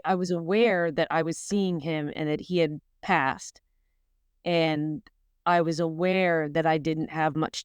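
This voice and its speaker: A woman hosting a podcast, speaking reflectively and gently to a guest over a video call. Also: deep voice, smooth, no echo, studio quality. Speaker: podcast host. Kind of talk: conversational interview.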